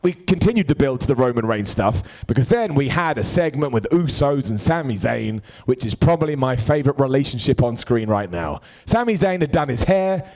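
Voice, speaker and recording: Animated, joking man with a gravelly voice. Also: medium pitch. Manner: jokey, animated, bantering with hecklers. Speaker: wrestling show host. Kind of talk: live comedic wrestling review. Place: live stage show.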